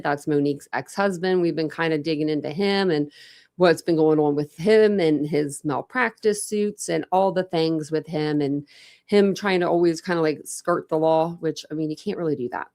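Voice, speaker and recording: Low, gravelly, and slightly mellow, this voice comes from a young Ohio woman chatting with viewers on her true crime livestream. She talks around a dental retainer. Her greetings and small talk wander, heavy with "like."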